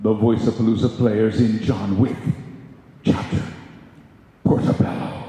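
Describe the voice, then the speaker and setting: A man's voice: fairly low pitch, steady tone, dark tone. A man moderating a panel, reading stage directions aloud in a theatrical way. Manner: slow, theatrical announcing. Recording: echoey hall, background noise.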